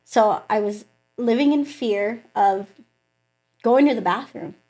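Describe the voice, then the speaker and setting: Young woman telling her testimony, slightly high. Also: slow. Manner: animated storytelling that acts out quoted voices, many filler "like"s. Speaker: guest sharing a testimony. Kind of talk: emotional personal testimony.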